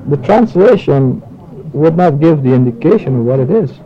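A man giving an informal spiritual lecture and taking questions, talking in a halting way with many restarts and fillers. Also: fairly high pitch, animated, muffled recording. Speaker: spiritual teacher.

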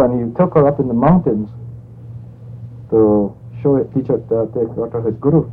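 Man rambling through a story, tinny. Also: on the low side. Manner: rambling, conversational, with restarts. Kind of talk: spoken anecdote. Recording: tinny phone-like audio with faint noise.

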